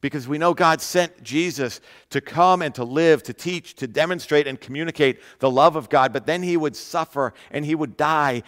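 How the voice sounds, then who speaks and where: A man preaching a sermon in an earnest way, repeating key phrases and slowing down to stress them. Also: on the high side, a bit bright, big-room sound. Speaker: pastor.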